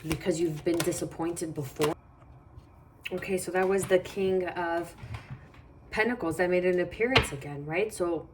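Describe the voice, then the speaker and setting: A woman's voice: on the low side, moderate pace. A woman giving a casual tarot reading, talking in a meandering, reassuring way and thinking aloud as she goes. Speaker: tarot reader.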